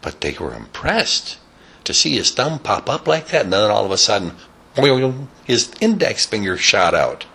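A man telling a rambling, improvised story, animated, with sound effects and casual asides. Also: on the low side, moderate pace, creaky, husky.

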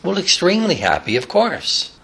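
A man voicing an achy, slightly contrary older woman with a high, strained, protesting voice. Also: wildly swooping pitch, moderate pace, fairly bright tone, heavily acted.

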